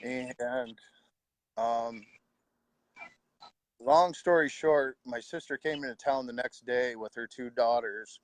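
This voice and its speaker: A middle-aged man, quietly telling his own story of losing his wife, with halting pauses and heartfelt words. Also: medium pitch, dry recording. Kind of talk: personal storytelling.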